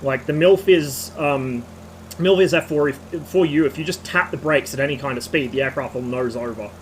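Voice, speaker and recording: A slightly hoarse man streaming, giving a rambling technical rant with casual swearing. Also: medium pitch, normal speed, a little hiss or hum, poor audio.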